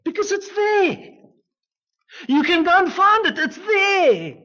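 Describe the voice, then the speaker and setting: A male pastor delivers a sermon slowly and deliberately, his pitch rising and falling widely. He swings from emphatic, near-crying peaks to hushed, low asides. The recording sounds dull and lo-fi. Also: big pitch swings. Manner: emphatic, with dramatic swings between loud and hushed. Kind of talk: expository sermon.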